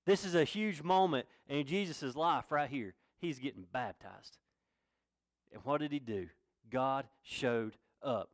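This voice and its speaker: A middle-aged man preaching a sermon in a folksy, earnest way, building to loud proclamations. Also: on the high side, no echo, studio quality. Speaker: pastor.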